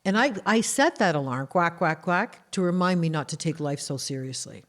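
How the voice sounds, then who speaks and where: A woman from Canada, talking in a casual interview as an author and guest, telling animated stories and acting out the voices of the people in them. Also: low-pitched, brisk. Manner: animated storyteller who acts out quoted voices.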